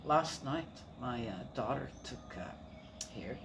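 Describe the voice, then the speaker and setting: A woman's voice: rumbling low, expressive, slow, background noise. An older woman and grandmother chatting casually, telling family stories in a rambling way with fillers. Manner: rambling, warm storytelling with laughs and repeated fillers. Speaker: grandmother sharing family life. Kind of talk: casual personal chat.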